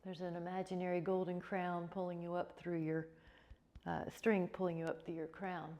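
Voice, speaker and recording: A woman teaching a yoga class, giving calm, encouraging cues with repeated prompts to breathe. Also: on the low side, moderate pace. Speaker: yoga instructor. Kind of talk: guided yoga class instruction.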